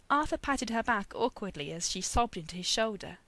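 A woman reading a story aloud as narrator, expressive and wry. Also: mid-range voice, fairly quick, few pauses, no room sound.

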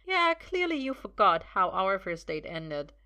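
Storybook role: woman reader doing a worn-out young male sorcerer, bright tone, dry humor, gritted-teeth stubbornness. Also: mid-range voice, very animated, a little slow, clean tone. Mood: weak wry. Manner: joking and strained, a little breathless. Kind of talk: audiobook reading.

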